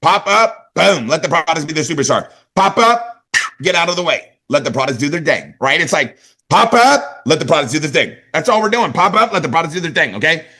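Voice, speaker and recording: A forceful, bright-toned middle-aged man from California gives a high-energy sales pep talk. He hammers short catchphrases and keeps tagging lines with "right?" and "okay?". His voice sits a little high for a man. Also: big pitch swings, a little fast. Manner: emphatic, repeats catchphrases, asks "right?" and "okay?". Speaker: motivational sales trainer.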